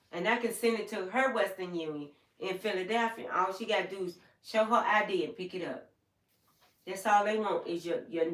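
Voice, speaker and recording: A woman's voice: mid-range voice, recorded from a distance. An older woman hosting a livestream, telling her personal story in a heartfelt, plain-spoken, repetitive way. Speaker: livestream host. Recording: echoey room, voice away from the mic.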